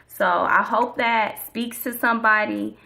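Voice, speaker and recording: Bright-voiced woman giving a chatty faith talk. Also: fairly high pitch, steady tone, unhurried, vocal fry. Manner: chatty, slangy and preachy. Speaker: vlogger.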